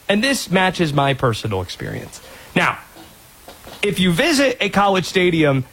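A male sports radio host in his thirties, from North Carolina, talks in a slightly husky voice. His pitch swings widely as he tells stories. His humor is dry and sarcastic. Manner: sarcastic, animated storyteller.

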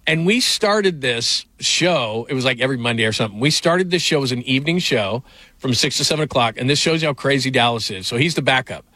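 A man's voice: mid-range voice, lively intonation, a little fast, bright, forceful tone, no room sound. A middle-aged man hosting a sports radio show, telling stories in a loose, rambling way with fillers and laughs. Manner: rambling storyteller, frequent fillers and restarts, laughs often. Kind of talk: casual sports talk.

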